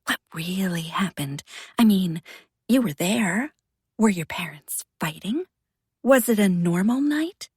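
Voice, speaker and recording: A woman voicing a calm, coy, cruel teenage girl who taunts in a soft half-whisper. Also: mid-range voice, takes it slowly, breathy edge, dry recording, clean studio sound, heavily acted. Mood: coy taunting.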